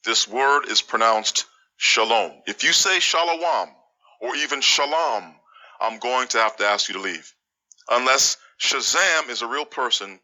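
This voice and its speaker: A man's voice: fairly low pitch, sharp tone, poor audio. A man teaching a verse word by word, blunt and scornful toward those he sees as wrong. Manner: blunt, scornful, deliberate spelling-out of words. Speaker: Bible language teacher. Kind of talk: scripted Hebrew word-by-word lesson.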